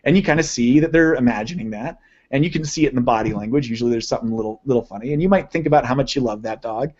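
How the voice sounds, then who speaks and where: A man with a medium-pitched, slightly mellow voice talks rapid-fire through a live online lesson on sales copywriting. He's enthusiastic and conversational, regularly checking in with listeners, though the recording is muffled.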